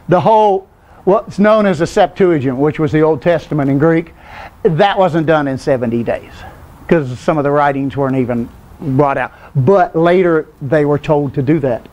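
Leading a casual Bible study, this man explains things loosely and keeps pausing to quiz his class. His voice sits on the high side and sounds a little mellow, and his manner is conversational.

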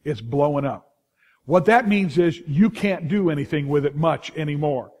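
Animated Californian preacher, fairly high voice. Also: male voice, moderate pace. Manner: animated, lots of restarts and asides to the congregation. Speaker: pastor. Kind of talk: sermon storytelling.

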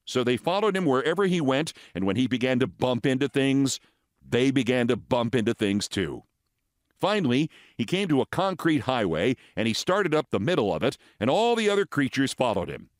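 This host is a dramatic man in his sixties whose voice climbs and dips broadly as he reads fables. His reading is deliberate and full of expression, captured in a dry, close recording with no reverberation.

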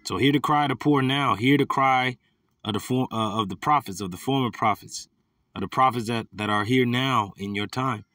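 A man's voice: mid-range voice, moderate pace, sharp tone, no echo, clean studio sound, distant mic. A man preaching a sermon, reading scripture verses with rising emphasis and often repeating his words.

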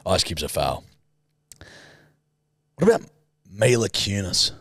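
A man's voice: low voice, sing-song, slow pace, fairly bright tone, breathy edge, no room sound, studio quality. A man from Australia co-hosting a comedy podcast, judging impressions in a teasing, mock-grumpy way and laughing often. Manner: teasing, mock-grumpy game judge who laughs a lot. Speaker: podcast co-host. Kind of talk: casual comedy chat.

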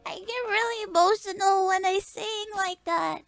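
A woman's voice: very high-pitched, moderate pace, gravelly, soft background music. A young woman streaming live, chatting shyly and hesitantly with many fillers. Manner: shy and hesitant, full of fillers. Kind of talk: casual chat on a live stream.

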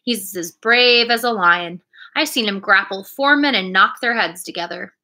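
A woman's voice: mid-range voice, moderate pace, pushed and bright. A woman voicing a wily old sailor confiding in a storybook reading. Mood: admiring. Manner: admiring, confiding. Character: wily old sailor, admiring coxswain, man.

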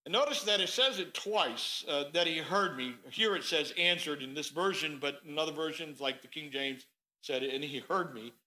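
A male pastor delivers a sermon in a church sanctuary with a notably high-pitched voice. His tone is very bright and cutting. He tells the story in an animated, conversational way. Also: moderate pace, rough recording.

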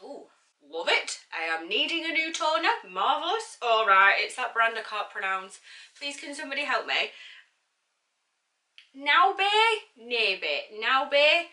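A woman's voice: on the high side, expressive, moderate pace, pushed and bright, far from the mic. Bubbly woman in an echoey room. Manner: chatty, bubbly, self-mocking, reads product blurbs aloud. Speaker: beauty vlogger. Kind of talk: casual unboxing chat.

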